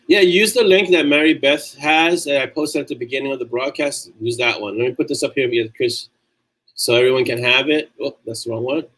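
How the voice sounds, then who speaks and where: Reading viewer comments aloud and frequently starting sentences over, a man from New York, an author, keeps his livestream chatty and loose. His voice is on the high side, over poor audio.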